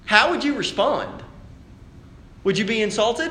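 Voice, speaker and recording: A man, a pastor preaching a sermon in a conversational way that builds to loud, animated emphasis. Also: high-pitched, a little slow, pauses often, roomy sound.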